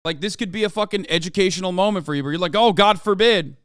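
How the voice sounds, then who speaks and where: A man's voice: high-pitched, rapid-fire, clear, resonant tone, dry recording, clean studio sound. A man hosting a live stream, ranting heatedly and profanely about politics and mocking his critics. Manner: mocking and combative toward chat.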